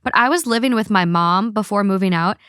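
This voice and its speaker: A woman's voice: mid-range voice, a little fast, a bit bright, clean tone, dry recording, studio quality. A woman hosting a podcast, chatting casually, swearing freely and reading online posts aloud. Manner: swears freely, blunt opinions. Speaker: podcast host.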